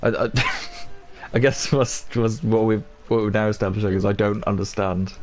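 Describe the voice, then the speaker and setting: A gaming streamer muses aloud over gameplay in a lowish, fairly even voice at a moderate pace, rambling and laughing at himself. Game music plays in the background.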